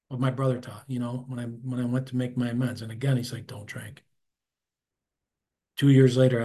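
A man speaks at a recovery meeting. He talks candidly and conversationally, with self-deprecating asides. His voice often trails off quietly at the ends of thoughts. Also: mid-range voice, slightly rough. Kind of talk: personal recovery share.

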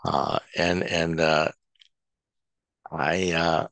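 A man sharing his personal testimony at a support meeting, halting and often restarting his words. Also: deep voice, level tone, vocal fry, a bit bright, dry recording. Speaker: recovery speaker at a support meeting.

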